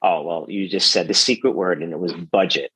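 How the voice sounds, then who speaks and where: A man speaking as a business coach in a casual podcast interview, animated and instructive, firing direct questions at the listener. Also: sits low, fairly quick, husky, low-quality recording.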